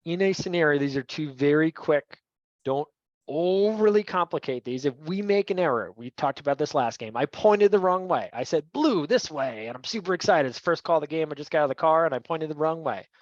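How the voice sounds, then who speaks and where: A man's voice: fairly high pitch, animated, brisk, no echo. A man teaching a referee training session in a conversational way, often checking in with "right?". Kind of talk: training lecture. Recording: dull, dry lo-fi sound.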